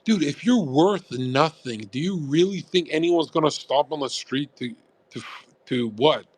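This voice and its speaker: A man's voice: fairly high pitch, expressive, a little slow, dry recording. A man streaming live, ranting to his chat in a blunt, profane, rambling way. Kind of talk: casual livestream rant. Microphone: USB condenser mic.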